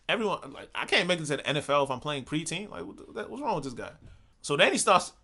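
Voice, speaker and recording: A young man telling a personal story in a casual, animated way, laughing often and swearing casually. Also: fairly high pitch, quick pace.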